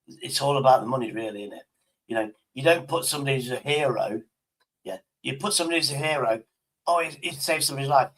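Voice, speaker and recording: A man's voice: mid-range voice, fast talker, a bit bright, rough recording. A man, a streamer chatting casually, rambling and swearing. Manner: rambling, sweary, restarts his sentences. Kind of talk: casual chat with an AI.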